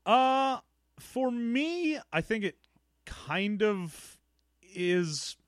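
A man's voice: high-pitched, sing-song, drawn-out words, dry recording, studio quality. A man co-hosting a casual podcast, easygoing and jokey, often laughing along. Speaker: podcast co-host. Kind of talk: casual chat.

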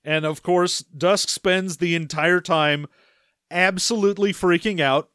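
A man co-hosting a casual podcast, playful with quick jokes and frequent laughs. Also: sits high, fairly even intonation, fairly bright tone, clean tone, no room sound, clean studio sound. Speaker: podcast co-host. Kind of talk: casual book-discussion chat.

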